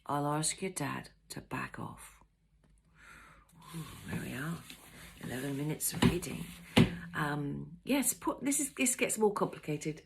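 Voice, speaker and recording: A woman author reading her own novel aloud in an unhurried storybook style, chatting easily between chapters. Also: on the low side, husky. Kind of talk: storybook narration.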